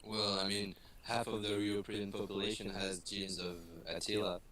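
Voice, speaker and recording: A man's voice: fairly low pitch, flat delivery, normal speed, a bit bright. A man chatting casually and making dry, teasing remarks. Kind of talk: casual chat.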